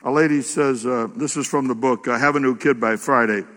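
A man preaching a sermon in a church, reading aloud and then speaking with animated, exclamatory emphasis. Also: mid-range voice, brisk. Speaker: pastor. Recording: echoey church hall.

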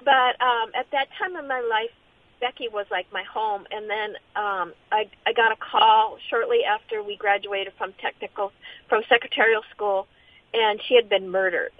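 A woman's voice: medium pitch, fairly even intonation, dry recording. Earnest woman telling her story over a phone line. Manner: halting, earnest, many restarts. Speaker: interview guest. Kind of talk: personal testimony in an interview. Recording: tinny phone-line sound.

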